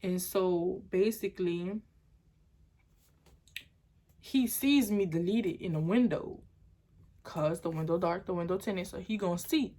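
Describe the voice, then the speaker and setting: A woman's voice: mid-range voice, unhurried, long pauses. Young woman rambling through a storytime. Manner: animated, rambling storytelling with many restarts. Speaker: vlogger. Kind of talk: storytime vlog.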